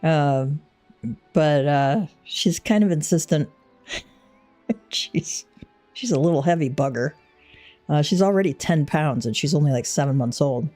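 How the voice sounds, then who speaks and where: A woman streaming a game, chatting in a relaxed, easygoing way and laughing easily. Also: low-pitched, measured pace, long pauses, faint music behind. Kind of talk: casual gameplay chat.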